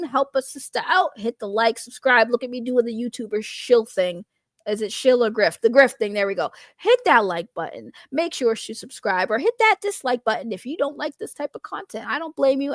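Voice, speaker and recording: A woman livestreamer from outside the US chatting casually with her viewers, joking around and trailing off into quiet asides. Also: a little high, no echo, clean studio sound. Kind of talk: casual stream chat.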